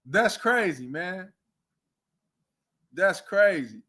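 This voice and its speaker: A man rants on a sports talk show, piling up mocking rhetorical questions. His voice sits high for a man and comes out bright and forceful. He keeps the talk heated and rambling. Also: normal speed. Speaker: podcast host. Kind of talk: casual sports talk rant.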